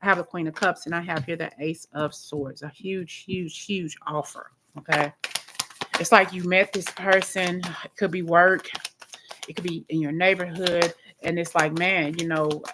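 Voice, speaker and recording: A woman gives a live tarot reading from home. Her voice sits a little low, and she talks in a loose, rambling way, stumbling over and repeating her words. Faint clicks sit in the background. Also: fairly even intonation, normal speed, noisy background. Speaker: tarot reader.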